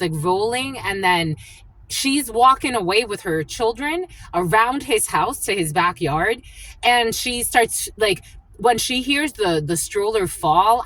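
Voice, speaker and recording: Woman, tarot reader, chatty and rambling, lively pitch; uses many fillers, acts out voices in her stories. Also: low-quality recording. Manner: acts out the people in her anecdotes. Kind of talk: casual collective tarot reading.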